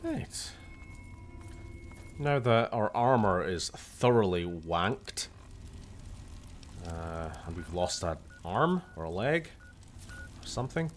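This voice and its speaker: Scottish man, gaming streamer, lowish voice, very lively pitch, sweary muttering, faint hiss. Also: takes it slowly, pauses often. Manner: swears often, mutters to himself. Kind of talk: casual gameplay commentary.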